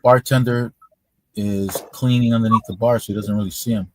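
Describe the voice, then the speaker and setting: A man hosting a stream and chatting casually in a relaxed way, often repeating himself. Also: fairly low pitch, fairly quick, slight background noise, low-quality recording. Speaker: stream host. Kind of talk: casual chat.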